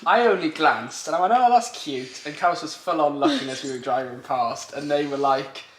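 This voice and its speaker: A man's voice: fairly high pitch, brisk, reverberant, a little hiss or hum. A young man chatting casually at home for a vlog, teasing and playful, laughing often. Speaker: vlogger.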